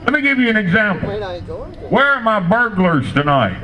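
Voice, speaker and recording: An older man doing a standup comedy set, telling crude, rambling stories in a deadpan way. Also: high-pitched, normal speed, a crowd in the background, rough recording.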